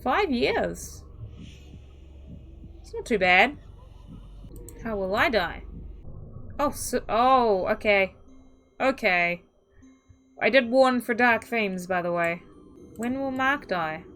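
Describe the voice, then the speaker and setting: A woman's voice: a little high, animated, takes it slowly, long pauses, a bit bright, soft background music, rough recording. Chatty young woman reading horror aloud. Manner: chatty and reactive, breaks into startled outbursts. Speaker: gaming YouTuber. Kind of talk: reading an interactive horror story aloud with commentary.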